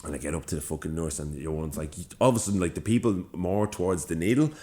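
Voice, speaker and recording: Deep-voiced Dublin man telling stories. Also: quick pace. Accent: Dublin Irish. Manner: animated, sweary, acts out dialogue. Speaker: podcast co-host. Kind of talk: casual chat, storytelling.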